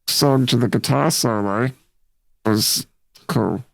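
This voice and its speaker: A man's voice: medium pitch, takes it slowly, vocal fry, a bit bright, dry recording. A young man, co-hosting a casual podcast chat about music with brief, laid-back remarks. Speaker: podcast co-host.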